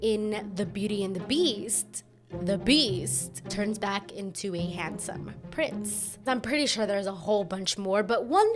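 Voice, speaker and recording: A woman's voice: medium pitch, animated, measured pace. A woman giving casual video commentary, chatty and rambling, with self-deprecating asides. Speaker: YouTube commentator. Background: background music.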